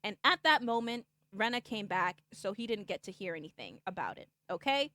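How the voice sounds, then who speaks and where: With a sing-song, pushed and bright medium-pitched voice, a woman streamer runs through a game's story for viewers a little fast. She rambles, says "like" and "okay?" a lot, and voices the characters' lines.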